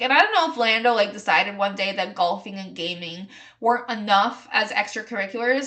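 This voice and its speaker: A woman's voice: medium pitch, bright, forceful tone. A young woman hosting her own podcast, chatting casually with playful, snarky hot takes, often giggling and filling her talk with "like" and "um". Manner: chatty and giggly, heavy use of "like" and "um". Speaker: podcast host. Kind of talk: casual solo podcast chat.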